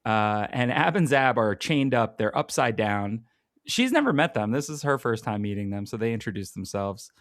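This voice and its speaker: A man's voice: lowish voice, sing-song, normal speed, a bit bright, no room sound, clean studio sound. A man co-hosting a podcast, casually recapping a comic book and chiming in with short remarks. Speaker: podcast co-host.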